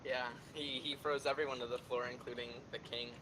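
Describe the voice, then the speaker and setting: A man playing a tabletop game, describing his character's actions in a casual, halting way. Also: mid-range voice, level tone. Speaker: player. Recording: noisy background.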